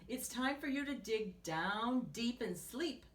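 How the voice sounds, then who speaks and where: A woman's voice: on the high side, expressive, slow pace, reverberant, recorded from a distance. Woman doing an eager news-bringing skunk.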